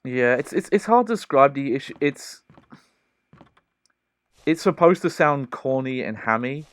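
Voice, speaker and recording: A man's voice: mid-range voice, animated, unhurried, fairly bright tone. A man giving casual commentary while streaming a horror game, chatty and laughing often, close to the mic.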